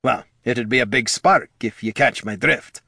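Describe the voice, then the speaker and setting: A man's voice: mid-range voice, moderate pace, vocal fry, pushed and bright, no echo, studio quality. A man voicing a blunt, folksy veteran adventurer who worries about his party. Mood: earnest.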